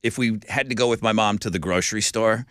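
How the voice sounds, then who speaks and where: A man's voice: on the low side, quick pace. A man, hosting a morning radio show and telling childhood stories. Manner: animated storyteller. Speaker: radio host. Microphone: studio microphone.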